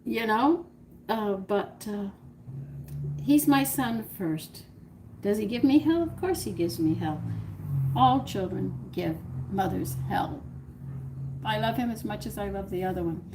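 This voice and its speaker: A woman's voice: medium pitch, lively intonation, a little slow, pauses often, noisy background. An older woman hosting a cooking channel, rambling through a personal story to her viewers, laughing often and acting out what people said. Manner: chatty, rambling, laughs often, acts out dialogue.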